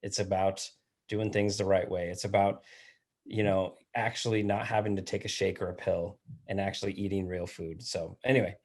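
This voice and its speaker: A man's voice: sits low, steady tone, normal speed, darkish tone. A man co-hosting a podcast, speaking emphatically to the listeners. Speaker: podcast co-host. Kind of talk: interview commentary.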